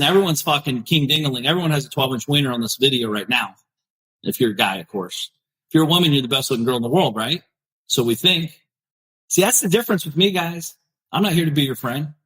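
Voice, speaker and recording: Blunt, profane man ranting, husky. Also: sits high, a bit bright, poor audio. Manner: confrontational, swearing, addressing viewers directly. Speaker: podcast host.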